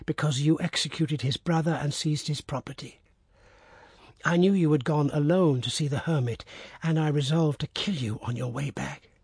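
Man doing a wounded bearded man, weak voice, quiet, remorseful, husky. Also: a little high, no echo, clean studio sound. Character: wounded bearded man, repentant former enemy.

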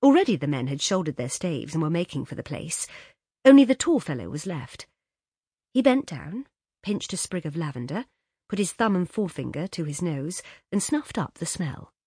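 A woman narrating a classic short story in an expressive, lilting way. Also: deep voice, moderate pace, husky, no echo, clean studio sound. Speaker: audiobook narrator. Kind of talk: scripted narration.

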